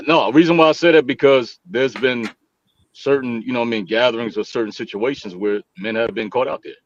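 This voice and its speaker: A man from Virginia joining a casual online chat as a panelist, excitable and starting lines with "hey". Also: mid-range voice, a little fast, lo-fi sound, a little hiss or hum.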